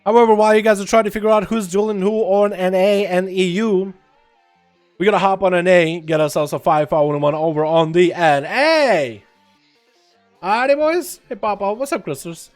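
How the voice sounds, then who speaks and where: A man's voice: high-pitched, brisk, soft background music. A man livestreaming a game, chatting loosely with viewers, swearing now and then and hyping up the crowd. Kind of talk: casual gaming livestream chat.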